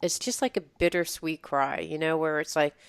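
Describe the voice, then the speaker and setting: A woman's voice: low voice, steady tone, normal speed, gravelly, clear, resonant tone, dry recording. A woman host in casual chat, talking reflectively and meandering with many fillers.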